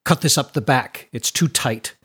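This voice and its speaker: A portly noble lord who speaks with cold, curt scorn and expects to be obeyed, as a man reads him aloud. His voice sits at a middling pitch, short and commanding. This is a storybook reading. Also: normal speed, fairly bright tone, breathy edge. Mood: scornful.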